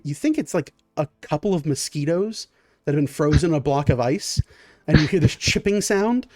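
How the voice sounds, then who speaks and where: A man's voice: a little high, a little mellow, no echo, clean studio sound. Man improvising as game master. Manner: improvised, vivid descriptions. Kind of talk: narrating a tabletop game.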